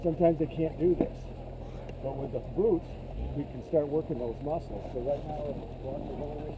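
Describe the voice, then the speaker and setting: A man's voice: on the high side, fairly even intonation, normal speed, background noise. A man teaching fellow instructors, explaining a drill while walking through cones. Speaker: ski instructor.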